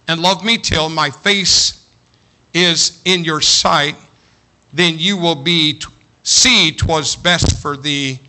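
Bright, forceful preacher man. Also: fairly high pitch. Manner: earnest preaching, rising to fervent peaks, reciting poetry. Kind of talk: sermon.

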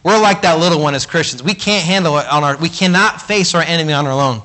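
A pastor preaches a sermon conversationally, acting out the voices of the people in his stories. His voice is a little high, quick, bright, and forceful.

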